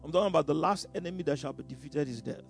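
A man preaching a sermon. He is dramatic, bursts out loudly, chuckles between phrases, and stumbles over repeated words. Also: a little high, very fast, vocal fry, faint music behind.

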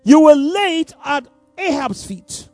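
Male preacher in a sermon, high and very lively voice, dry close sound, faint music underneath. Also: unhurried, dry recording. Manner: animated, swings from loud emphasis to soft asides; laughs between points.

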